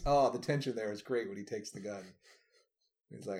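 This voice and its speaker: A man talking films in an easygoing podcast chat, his pitch swinging widely as he goes. He is animated and drops into mock voices to quote scenes. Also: normal speed. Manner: animated, breaks into mock voices when quoting. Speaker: podcast co-host. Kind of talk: casual movie discussion chat.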